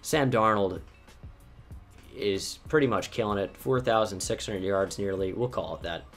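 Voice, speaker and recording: A young man giving casual, chatty commentary while playing a football video game, reacting with quick bursts of swearing. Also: on the low side. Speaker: gaming YouTuber.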